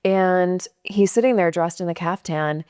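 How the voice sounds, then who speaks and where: A middle-aged woman from California telling a personal story in a casual, animated way, acting out the quotes. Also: lowish voice, unhurried, smooth, dry recording, clean studio sound. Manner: animated, acts out quotes with laughs. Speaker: guest storyteller.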